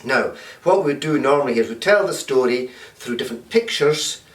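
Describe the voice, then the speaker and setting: A man leads a storytelling class, his voice lively and swinging in pitch. He keeps checking in with the listeners as he goes. The sound is roomy and a little distant. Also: moderate pace. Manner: animated, checks in with "okay?". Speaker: workshop teacher. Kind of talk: storytelling lesson.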